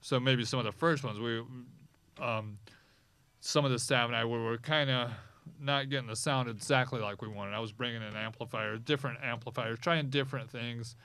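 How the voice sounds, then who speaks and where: A man hosting a podcast, talking in a rambling, halting way, hoarse and losing his voice, in a small podcast studio. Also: mid-range voice, fairly even intonation, bright, forceful tone. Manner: rambling, halting, with many restarts. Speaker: podcast host. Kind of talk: casual chat.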